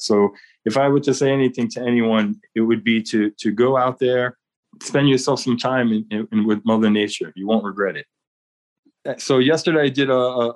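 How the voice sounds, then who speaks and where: A man talking earnestly as an interview guest, often repeating words as he speaks. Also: medium pitch. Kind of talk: casual interview talk.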